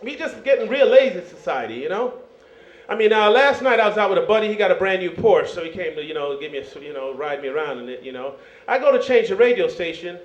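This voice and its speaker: A man's voice: high-pitched, animated, fast. A Jamaican-born man doing a stand-up set on a club stage, loose and chatty, peppering lines with "man" and "you know". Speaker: stand-up comedian. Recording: roomy dull club recording.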